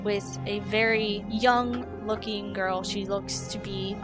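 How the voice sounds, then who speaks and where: A woman narrating a tabletop horror game as game master, casual and halting, with many fillers. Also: mid-range voice, steady tone, music in the background.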